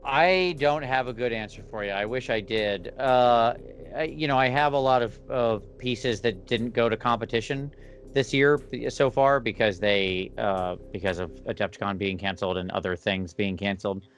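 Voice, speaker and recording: A man talking as a guest on a casual interview podcast, thoughtful and measured. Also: medium pitch, dull audio, soft background music. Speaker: podcast guest, miniature painter.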